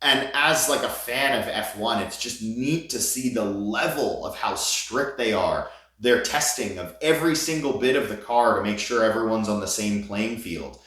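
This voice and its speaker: A man telling an excited vlog story, gushing, with his voice jumping high at the thrilling parts. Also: normal speed. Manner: animated, gushing, voice jumps high when excited. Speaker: vlogger. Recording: very echoey room.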